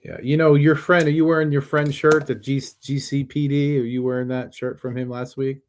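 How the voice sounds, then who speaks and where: A man's voice: medium pitch, level tone, brisk, slight background noise. A man hosting a casual podcast chat, agreeing and chiming in with short replies.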